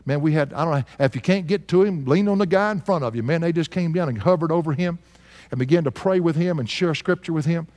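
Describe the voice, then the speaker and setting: This pastor in his sixties speaks fast in a fairly high, darkish voice. Delivering a sermon, he tells a story earnestly and chuckles at times, all within a long, echoing hall reverb.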